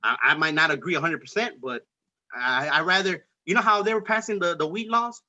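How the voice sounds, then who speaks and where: A podcast host with a bright, slightly high voice speaks fairly quickly in a casual political chat. He is heated and profane, rambling with many restarts, and the lo-fi recording sounds dull.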